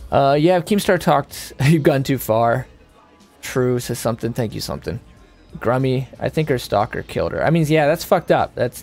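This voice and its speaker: Gravelly and a little mellow, this young man's mid-range voice carries a heated, casual rant while he streams a game. He rambles between thoughts, swears constantly, and stays emphatic throughout.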